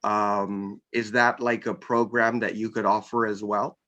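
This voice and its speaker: Male interviewer, slow deliberate pace, bright voice, hesitant, casual. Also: on the low side, little pitch movement, dull audio. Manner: slow, searching, many ums and restarts.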